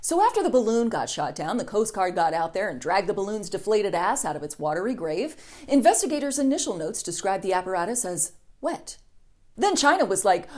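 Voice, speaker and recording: A woman's voice: mid-range voice, sing-song, brisk. A woman hosting a satirical news monologue, sarcastic and snarky. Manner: sarcastic, snarky, with lots of mock voices. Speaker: news comedy host.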